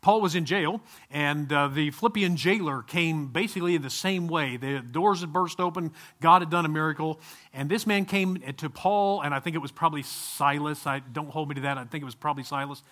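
Middle-aged male preacher, conversational sermon, slightly high bright voice. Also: fairly quick. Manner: conversational, animated, with asides and laughs.

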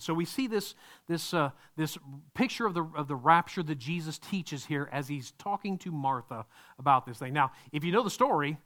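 A man preaching a sermon, asking the congregation questions and acting out the people in the story. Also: fairly high pitch. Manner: animated, acts out quoted voices, asks the congregation questions. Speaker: pastor.

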